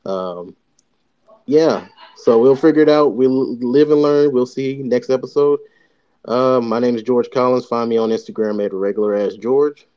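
A man's voice: mid-range voice, moderate pace, warm tone. A man, co-hosting a podcast in laid-back casual chat and agreeing easily. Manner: laid-back, agreeable, often laughing along. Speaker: podcast co-host and editor. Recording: dull lo-fi sound.

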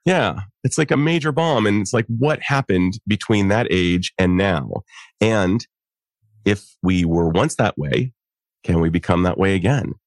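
Man, middle-aged, deep low voice, animated explainer, frequent laughs, dry recording. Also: measured pace, no room sound. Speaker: psychologist and executive coach. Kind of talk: conversational podcast interview.

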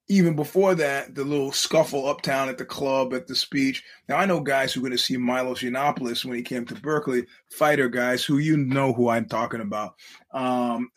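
A man with a husky, slightly rough voice hosts his own podcast, talking off the cuff. He rambles, restarts sentences and slips into quoting other people mid-story. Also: medium pitch. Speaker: podcast host. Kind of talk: casual monologue to listeners.

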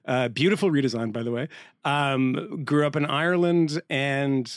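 A man co-hosting a podcast in casual chat, telling lively stories and mimicking accents, with a few swears. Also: medium pitch, normal speed, no room sound, clean studio sound. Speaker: podcast co-host.

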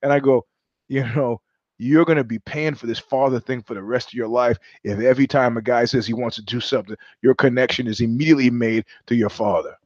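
A man's voice: medium pitch, fairly even intonation, a little fast, a little mellow, no echo, highs cut off. A middle-aged man from New York hosting a live-streamed show, telling stories in a blunt, profane, sardonic monologue. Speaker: host.

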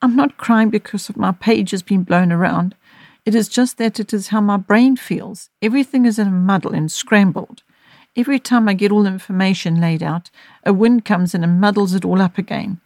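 A woman's voice: steady tone, moderate pace, warm tone, no echo, studio quality, lightly acted. A woman reading the lines of an upset ten-year-old girl in an audiobook, in an earnest, pleading voice. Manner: earnest, pleading, slightly raised pitch.

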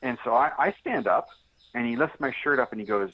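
A man guest on a podcast interview telling a story in a straightforward, animated way and acting out the dialogue. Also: mid-range voice, fairly quick. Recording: tinny phone line.

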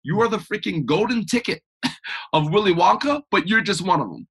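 A man guest on a podcast interview, talking in an energetic, emphatic, motivational way. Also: sits high, moderate pace, husky. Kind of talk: conversational interview.

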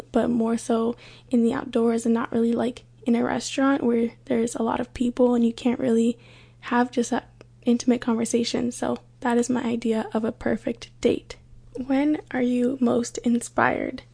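A young woman hosts her own podcast and tells stories in a light, chatty, easygoing way. Her voice sits a little high and sounds husky and breathy, with some vocal fry at the ends of phrases. She speaks close to the mic. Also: flat delivery, normal speed, mellow. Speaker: podcast host. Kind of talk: casual solo podcast storytelling.

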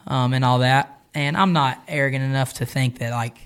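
A man talking casually on a podcast about coaching and training, relaxed and rambling with a self-deprecating manner. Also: medium pitch, normal speed, smooth. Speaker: podcast guest, jiu-jitsu coach. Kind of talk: casual chat.

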